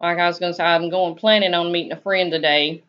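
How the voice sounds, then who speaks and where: On a live stream with dull, lo-fi audio, a Southern-accented woman answers viewer comments in an easygoing, drawling manner. She speaks quickly, with a fairly low pitch and an even tone.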